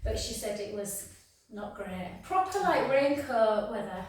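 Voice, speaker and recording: A woman's voice: a little high, big pitch swings, unhurried. A middle-aged English woman leading a workout class, chatting and gossiping between counting reps and giving cues. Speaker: fitness instructor. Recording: echoey room, voice from a distance.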